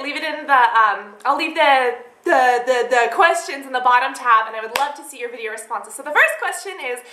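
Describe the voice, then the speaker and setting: A woman's voice: high-pitched, sharp tone. Bubbly, chatty young woman in an echoey room. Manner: bubbly, chatty storytelling with lots of "like". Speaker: beauty vlogger. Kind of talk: casual chat to camera.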